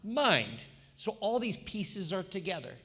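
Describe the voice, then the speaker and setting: Lively man in his fifties preaching. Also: high-pitched, a little slow. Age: 50s. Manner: lively, conversational preaching with questions to the congregation. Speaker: pastor. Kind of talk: sermon.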